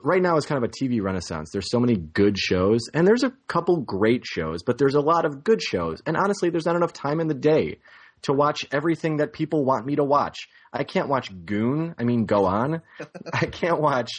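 A young man co-hosts a casual podcast with a very animated, up-and-down voice. He rambles and often corrects himself mid-sentence. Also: mid-range voice, moderate pace, slightly rough. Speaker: podcast co-host.

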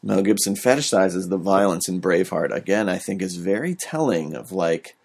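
A man with a fairly low voice, talking through a movie in a loose, rambling way. He fills his sentences with "like" and "um" as he chats casually with a co-host. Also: moderate pace, creaky, husky. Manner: relaxed, rambling, frequent fillers and "like". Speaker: podcast co-host. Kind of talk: casual movie review chat.

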